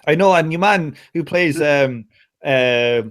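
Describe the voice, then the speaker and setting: A man's voice: on the high side, slow pace. A man with an Irish accent chatting casually, rambling with many restarts and frequent laughs. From Ireland. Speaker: conversation partner. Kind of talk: casual chat.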